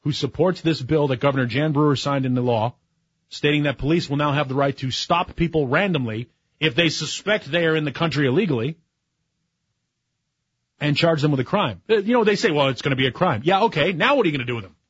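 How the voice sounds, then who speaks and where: A man's voice: a little high, brisk, breathy edge, dry recording, lo-fi sound. A man in his forties, a talk radio host, speaking in a sarcastic, opinionated monologue that builds to heated emphasis. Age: 40s. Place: radio studio.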